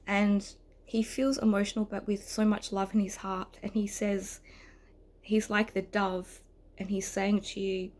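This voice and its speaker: A woman's voice: medium pitch, a little mellow. A woman giving a tarot reading, delivering a rambling, emotional spirit message, close to tears and often slipping into whispers. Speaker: tarot reader. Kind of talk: spoken channeled message.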